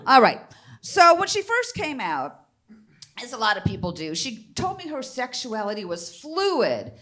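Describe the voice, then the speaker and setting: Woman, fifties, stand-up comic, theater stage, bright forceful voice, brassy bawdy delivery. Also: on the high side, huge pitch swings, unhurried. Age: 50s. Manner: brassy, crowd-teasing, bawdy punchlines. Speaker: stand-up comedian. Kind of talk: stand-up comedy set.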